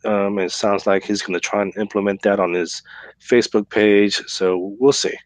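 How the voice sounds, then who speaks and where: A man hosting a podcast, telling a story in an animated, chatty way and often tagging on "right?" and "man.". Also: lowish voice, moderate pace, dry recording. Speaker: podcast host.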